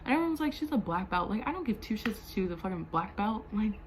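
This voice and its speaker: Young woman, vlog storyteller, fired up and profane, filler-heavy, mid-pitched voice, faint hiss in the room. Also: big pitch swings, fast, low-quality recording. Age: young adult. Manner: heated, profane, frequent "like" fillers. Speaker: vlogger.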